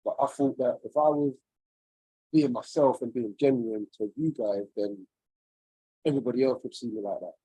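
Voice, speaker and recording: A man's voice: medium pitch, moderate pace, warm tone, husky, no echo, poor audio. A man on a video call, sharing a personal story in an earnest, searching, rambling way. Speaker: webinar participant.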